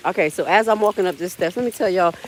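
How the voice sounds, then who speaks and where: A woman's voice: on the low side, quick pace, a little hiss or hum, rough recording. A woman in her forties hosting a casual live walking vlog from an outdoor park, chatting straight to her viewers as she climbs steps and gets winded. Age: 40s. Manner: chatty, talks straight to viewers as "y'all" and "baby". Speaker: livestream host.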